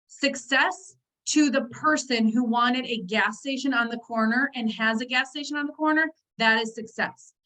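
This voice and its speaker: Chatty high-voiced woman coaching a team. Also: poor audio. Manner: chatty, animated, talks straight to the listeners with frequent asides. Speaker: network marketing team trainer. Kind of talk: motivational team training on a video call. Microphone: video call.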